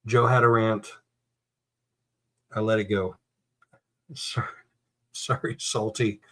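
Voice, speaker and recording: A man's voice: fairly low pitch, little pitch movement, slow, fairly bright tone. A man hosting a casual true crime talk show, ranting heatedly and swearing, then apologizing. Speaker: true crime podcast host. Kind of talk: casual chat.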